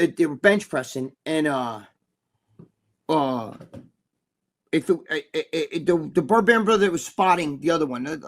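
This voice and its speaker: A man telling stories as an interview guest in a loose, profane, rambling way, full of restarts. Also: a little high. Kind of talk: casual storytelling.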